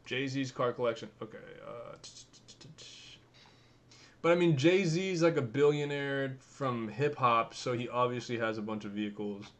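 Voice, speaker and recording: Young male vlogger, mid-pitched, casual and profane, thinks aloud as he clicks around. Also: normal speed, faint music behind. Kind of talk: casual commentary while browsing the web.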